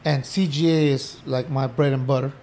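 A man's voice: mid-range voice, normal speed, a little hiss or hum. A middle-aged man, a podcast guest, tells his story in casual interview talk, acting out old conversations and swearing freely. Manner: animated, acts out quoted dialogue, swears casually. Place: indoor podcast room.

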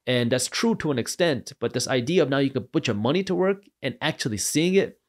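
A man guest on a podcast, telling his stories with animated energy. He jumps into quick impressions of the people in them, and his voice sits at an ordinary middle pitch. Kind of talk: animated storytelling.

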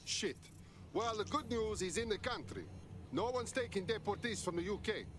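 A man's voice: high voice, animated, normal speed. An actor voicing a blunt, matter-of-fact male hacker ally in a video game. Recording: game audio with background noise.

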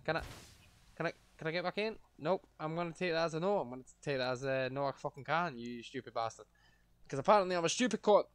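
A young man, livestreaming a game and ranting profanely at the characters on screen. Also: medium pitch. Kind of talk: live gameplay commentary.

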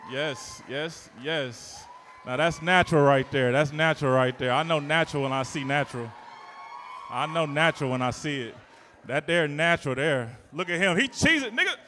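A man hosting a live event, working the crowd in a loud, teasing, playful way with sudden shouts. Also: a little high, expressive, normal speed, slight background noise. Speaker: event host and emcee. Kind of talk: live hype emcee to a crowd. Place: live event venue indoors. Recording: long reverb of a big event hall.

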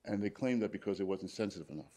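Man, low-ish voice, plainspoken survivor story at a hospital panel, acts out quotes. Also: very fast, mellow. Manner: plainspoken, retells conversations in quoted dialogue. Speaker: paramedic and cancer survivor on a panel. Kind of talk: personal story told to a live audience. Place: hospital event room.

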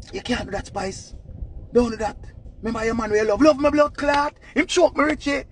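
A man with a Jamaican accent giving casual, animated gossip commentary in patois. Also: very high-pitched, a little fast, slight background noise. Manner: animated, laughing, patois storytelling.

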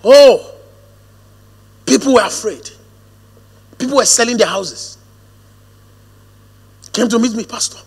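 A pastor with an extremely high, husky voice tells stories from the pulpit of a church auditorium, dropping into hushed quoted asides. He then rises into a firm, drawn-out preaching cadence, all carried by long hall reverb.

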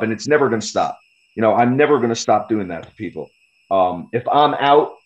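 A man's voice: mid-range voice, lo-fi sound. A man, a guest fighter on a podcast interview, talking in a profane, confrontational and boastful way. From United States.

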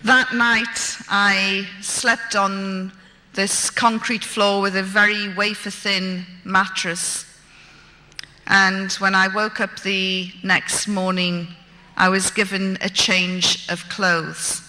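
A woman's voice: mid-range voice, flat delivery, slow, sharp tone. A woman telling a story of her own experience to an audience with wry, dry gallows humour. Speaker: speaker recounting her captivity. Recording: long hall reverb.

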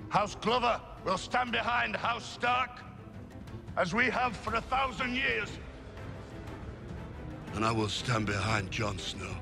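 An actor playing a northern lord in a TV drama, declaiming loyalty loudly in a Northern English accent. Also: male voice, high-pitched, sing-song, slow, vocal fry, pauses often, music in the background, exaggerated voice. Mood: rousing. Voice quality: loud, declaiming.

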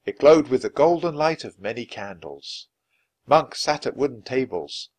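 A man reading a children's chapter book aloud in an expressive, lively way. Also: mid-range voice, normal speed. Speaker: storybook reader. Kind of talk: children's story read-aloud.

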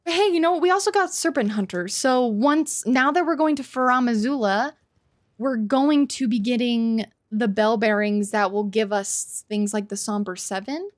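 A woman gamer streams live, swearing freely and shrieking when she wins. Her voice sits a bit high, and she sounds slightly out of breath. The sound is close and dry, with no room around it. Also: moderate pace, no room sound. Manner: excitable, swears a lot, shouts and squeals in wins. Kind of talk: live gameplay commentary.

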